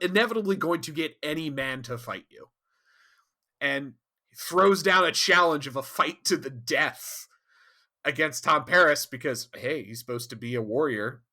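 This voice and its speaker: Podcast host guy, bright voice, swears a lot and keeps laughing. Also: on the high side. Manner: animated, profane, laughs often. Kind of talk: casual chat.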